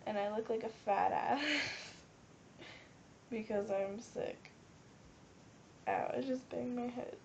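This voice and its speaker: A young woman in her late teens with a stuffy nose and a hoarse cold voice, rambling and giggly as she vlogs. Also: a little high, takes it slowly, pauses often. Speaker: vlogger. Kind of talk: rambling casual vlog. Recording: dull lo-fi webcam audio with faint hiss.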